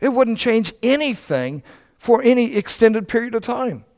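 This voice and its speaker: A man's voice: very high-pitched, normal speed. Older guy preaching, chatty storytelling, echoey hall. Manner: conversational storytelling preacher, animated asides. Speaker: pastor. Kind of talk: sermon.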